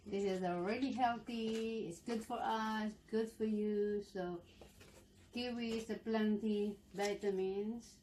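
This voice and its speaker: A woman's voice: medium pitch, steady tone, slow, dark tone, a little hiss or hum, rough recording. A woman with a Filipino accent co-hosting a food show, speaking in short, simple phrases. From Philippines. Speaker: mukbang co-host. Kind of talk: casual food chat.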